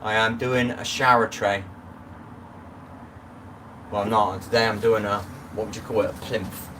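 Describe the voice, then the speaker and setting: A man's voice: fairly low pitch, steady tone, measured pace, background noise. Rambling man on a distant phone mic. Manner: rambling, greets viewers by name, chatty asides. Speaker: livestream host. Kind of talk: casual live-stream chat.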